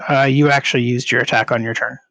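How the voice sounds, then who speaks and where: A man's voice: medium pitch, steady tone, quick pace, creaky, fairly bright tone. A man running a tabletop game as game master, narrating with many filler sounds.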